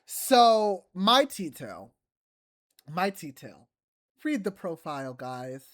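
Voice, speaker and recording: A woman co-hosting a casual podcast, telling a story in a candid, profane way and pitching in as the show's host. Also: big pitch swings, slow. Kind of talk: casual chat.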